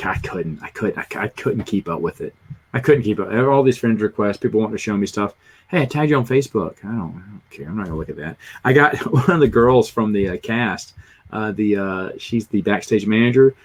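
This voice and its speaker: A middle-aged livestream host with a Southern US accent speaks in a lowish, slightly rough voice. He chats casually, reads comments, and rambles through stories while poking fun at himself.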